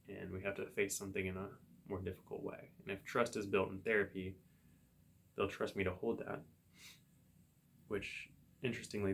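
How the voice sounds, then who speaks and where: A man, a psychotherapist hosting his own show, thinking aloud in a relaxed solo monologue with everyday examples. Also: sits low, vocal fry. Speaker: psychotherapist podcast host.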